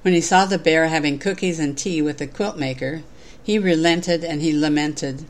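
Low-voiced woman telling a story in a sermon. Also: normal speed.

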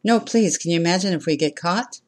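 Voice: medium pitch, fairly quick, close to an everyday voice. A minister voicing a nervous young woman on a first date, refusing anxiously.

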